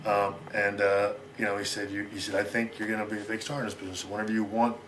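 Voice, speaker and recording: A middle-aged American man in a sit-down interview, telling a long story in a rapid, rambling way and acting out what others said. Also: on the low side, little pitch movement, background noise. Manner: rapid, rambling, acts out quoted lines.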